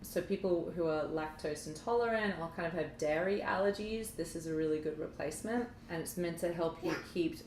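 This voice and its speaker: Woman co-host, slightly low voice, lively storyteller, roomy recording with faint hiss. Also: fairly quick, few pauses. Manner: animated, acts out quoted dialogue. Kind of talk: casual chat. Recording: echoey room, faint background noise.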